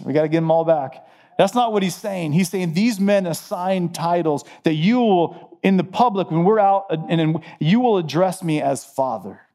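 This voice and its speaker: Earnest preaching man, mellow voice. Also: fairly high pitch. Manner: earnest preaching with emphatic repetition. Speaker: pastor. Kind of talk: sermon.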